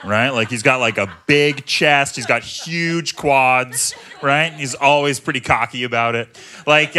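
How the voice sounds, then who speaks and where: A man in his thirties performs stand-up, his voice bright and sharp and his pitch swinging animatedly through each bit. He talks casually and mocks himself, often asking the crowd "right?" before a punchline. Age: 30s. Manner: conversational, self-mocking, often tags lines with "right?"; jumps into loud high character voices for punchlines. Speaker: stand-up comedian. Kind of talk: stand-up comedy set. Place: comedy club stage.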